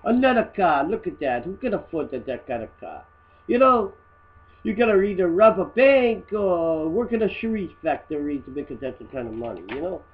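Guy doing a rude rambling dude, broken english, husky voice, muffled lo-fi home audio. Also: high voice, sing-song, normal speed, full character voice. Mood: mocking. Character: crude, rambling immigrant guy mocking photos. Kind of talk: comedy satire monologue.

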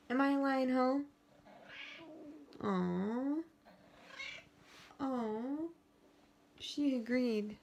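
A woman's voice: sits high, very slow, vocal fry, long pauses, a little mellow. A young woman rambling casually at home, joking at her own expense, with lots of fillers. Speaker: vlogger. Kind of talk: casual chat. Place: at home indoors. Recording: noisy home recording.

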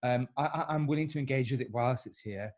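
Male podcast host, earnest, halting delivery. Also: medium pitch, darkish tone. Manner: earnest, stammering restarts. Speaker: podcast host, former paramedic. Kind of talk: casual conversational interview.

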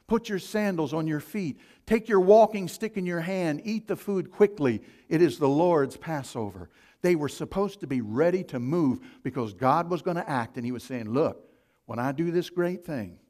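A male pastor preaching a sermon, with big swings from loud emphasis to hushed asides. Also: fairly high pitch.

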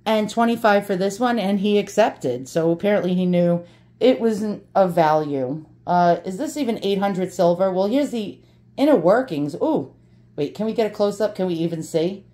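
A woman's voice: mid-range voice, moderate pace, warm tone. Profane joking woman unboxing. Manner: brash, profane, joking, talks to viewers. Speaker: vlogger unboxing antiques. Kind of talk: casual unboxing chat.

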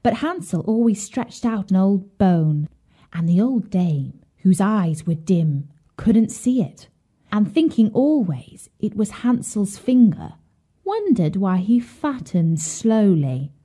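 A woman narrating a children's fairy tale in an expressive storytelling voice. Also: mid-range voice, slow.

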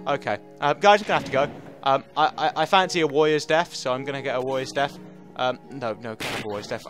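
A man doing game commentary, excitable and chatty, who bursts into panicky yelps and repeats words over and over. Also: mid-range voice. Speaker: let's play gamer.

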